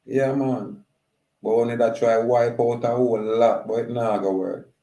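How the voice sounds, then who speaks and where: A man's voice: medium pitch, fairly even intonation, normal speed, warm tone. A man with a Jamaican accent giving a heated, confrontational monologue in response to a video, slipping into patois as he preaches. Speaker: video commentator. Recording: echoey room.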